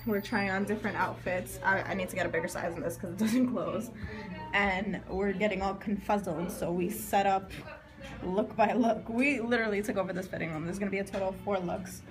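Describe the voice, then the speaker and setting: A woman talking casually to her phone camera in a daily vlog, rambling with lots of fillers and laughs as she moves from home to a shop to her car. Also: mid-range voice. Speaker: vlogger. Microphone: phone camera held by hand.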